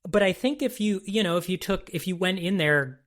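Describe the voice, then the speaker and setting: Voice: medium pitch, a little fast, fairly bright tone. A podcast host retelling a story in casual conversation, hesitant, with many restarts.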